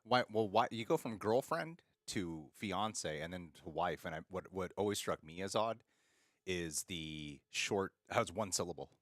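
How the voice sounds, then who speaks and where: A man hosts a casual live stream, his voice bouncing up and down in pitch as he laughs his way through chat shout-outs. The sound is close and dry, with no room around it. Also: normal speed, no room sound. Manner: laughs often, excitable and playful. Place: Los Angeles.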